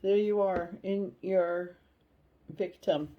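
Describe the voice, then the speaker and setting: A woman giving a casual tarot reading, chatty and animated, blunt, and she swears now and then. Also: medium pitch, takes it slowly, dull audio. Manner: chatty and animated, acts out inner voices. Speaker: tarot reader.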